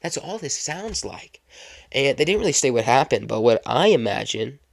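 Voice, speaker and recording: A man's voice: medium pitch, very animated, moderate pace, creaky. A young man hosting a casual solo podcast, rambling chattily and repeating his phrases. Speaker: podcast host.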